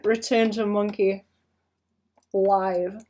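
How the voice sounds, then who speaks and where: A woman with a British accent who chats casually and rambles while she draws on a live stream, often trailing off into quiet muttering and poking fun at herself. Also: medium pitch, level tone, extremely slow. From Britain. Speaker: streaming artist.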